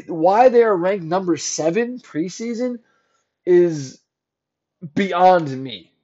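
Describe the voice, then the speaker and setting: A man with a high-pitched voice hosts his own sports podcast, ranting sarcastically and growing heated as he goes. The audio is dull and lo-fi. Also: a little mellow. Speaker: podcast host. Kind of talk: solo sports podcast rant.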